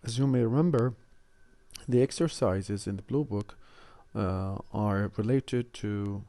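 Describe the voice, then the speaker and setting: A man lecturing university students on English word stress, speaking in a measured, explanatory way with frequent hesitations. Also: lowish voice, warm tone, no room sound. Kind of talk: recorded online lecture.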